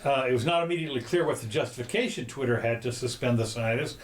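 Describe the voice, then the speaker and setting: A man hosting a podcast, chatting casually in a rambling, halting way with many restarts. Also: medium pitch, slight background noise. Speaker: podcast host. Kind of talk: casual chat.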